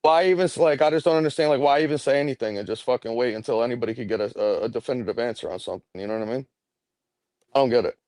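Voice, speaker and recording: A man's voice: mid-range voice, rapid-fire, darkish tone, no room sound. A man co-hosting a live stream in casual chat, heated and profane, often repeating himself.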